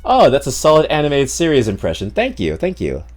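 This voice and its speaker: A man's voice: medium pitch, huge pitch swings, brisk, soft background music. A man streaming a game, chatting casually and joking, rambling with many fillers. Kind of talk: casual live-stream chat.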